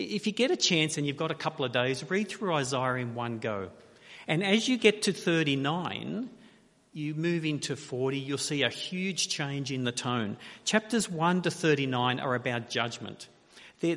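A man preaching a sermon, measured and emphatic, asking rhetorical questions with long pauses. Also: fairly high pitch, a bit bright. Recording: reverberant hall.

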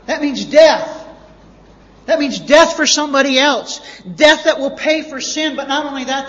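A man with a high voice preaches a sermon, pressing his points by repeating words. The sound is dull and lo-fi, with a long reverb trailing behind him as if in a large church hall. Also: fairly bright tone. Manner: emphatic, repeats words for stress. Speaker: pastor.

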